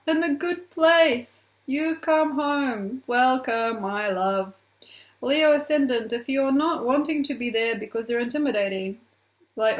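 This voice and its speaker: A woman astrologer talking to camera in a playful, affectionate, teasing way, laughing often. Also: high voice. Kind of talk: casual astrology vlog to camera. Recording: echoey room.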